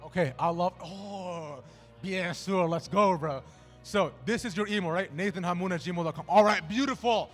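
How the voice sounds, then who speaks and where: High-voiced man emceeing a live event. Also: fairly quick, soft background music. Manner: casual, joking, slangy banter. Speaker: trivia game host at a gaming event. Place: large indoor event venue.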